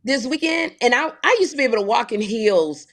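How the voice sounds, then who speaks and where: A woman in her fifties co-hosting a casual podcast, telling animated stories and acting out quoted dialogue. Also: on the high side, brisk. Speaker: co-host.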